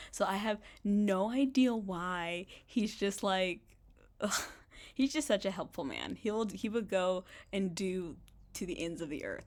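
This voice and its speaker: A young woman vlogging casually from a bedroom, chatty and rambling, full of "like" fillers and quick laughs. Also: mid-range voice. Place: bedroom in an apartment.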